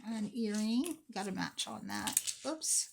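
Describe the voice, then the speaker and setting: Chatty woman with a gravelly, slow voice. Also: mid-range voice, huge pitch swings, very noisy. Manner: chatty, self-mocking, talks to herself while sorting. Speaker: thrift jewelry unboxing vlogger. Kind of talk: casual unboxing commentary.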